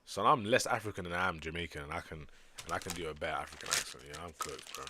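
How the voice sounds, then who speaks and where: A young man streaming, reading manga aloud and chatting casually, bursting into loud excited exclamations. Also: low-pitched, fast talker, a little hiss or hum.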